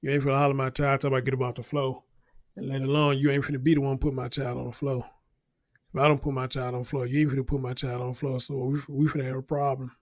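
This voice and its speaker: A man's voice: mid-range voice, level tone, quick pace, no room sound, clean studio sound. A man hosting a casual news commentary show, talking bluntly and profanely and repeating his points for emphasis. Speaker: show host.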